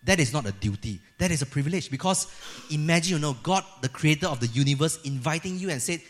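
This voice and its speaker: A middle-aged man preaching a sermon as a pastor, lively and acting out the voices he quotes. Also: a little high, quick pace. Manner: lively, acts out quoted voices of God and people.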